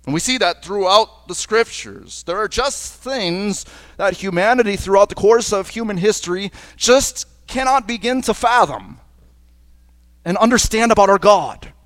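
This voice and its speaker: A male pastor delivers a sermon at a church service in a fairly high voice. He speaks earnestly and slows down to stress his key phrases. The sound is dry and close, with no room echo. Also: lively intonation, a bit bright. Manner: earnest, with slowed emphatic phrases. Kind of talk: liturgical sermon.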